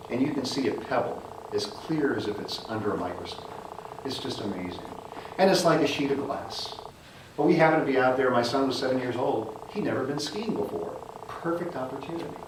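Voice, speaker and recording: Middle-aged male speaker at a club meeting, lively storyteller, heard from a distance in a very echoey room with noise. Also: mid-range voice. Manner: animated storyteller who acts out voices in anecdotes. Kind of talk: prepared storytelling speech.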